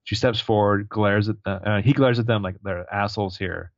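A man co-hosting a podcast, recapping a TV episode with jokey asides and quick character impressions. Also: on the low side, steady tone, no room sound, highs cut off. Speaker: podcast co-host. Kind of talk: casual chat.

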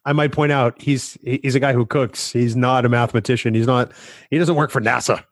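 A man's voice: medium pitch, fairly even intonation, a little fast, no room sound, studio quality. A man co-hosting a podcast in casual banter, teasing and sarcastic with his co-host. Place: home recording studio.

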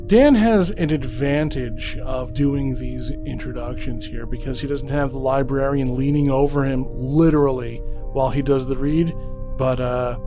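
Chatty, stumbling podcast host, a man. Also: fairly high pitch. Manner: chatty, self-deprecating, stumbles over words. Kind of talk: casual show introduction.

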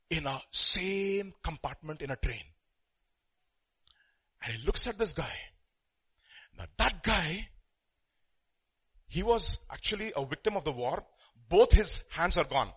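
A man preaching with a husky, bright voice that rises and drops widely in pitch. He tells a story to his listeners and breaks into sudden loud, emphatic bursts between quieter stretches. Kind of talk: sermon.

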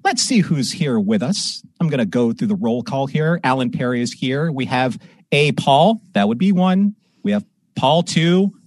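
A man's voice: medium pitch, normal speed, dry recording. A man hosting a live podcast from home, chatting casually and telling a story with put-on voices, on a close, dry desk microphone. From Southern California. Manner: animated storyteller, puts on voices in anecdotes. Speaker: podcast host. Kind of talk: casual live-stream chat.

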